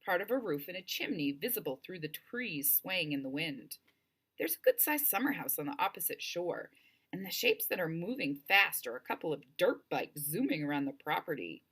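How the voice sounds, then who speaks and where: A woman narrating a first-person audiobook with expressive, wryly humorous storytelling. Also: lowish voice, moderate pace, husky.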